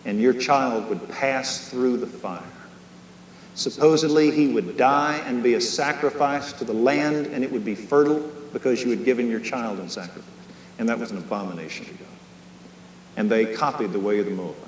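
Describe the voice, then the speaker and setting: A man teaching a Bible study as a sermon, impassioned, swinging from hushed tones to raised, emphatic lines. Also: mid-range voice, moderate pace. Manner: leads a closing prayer. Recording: echoey hall, faint hum, 1990s.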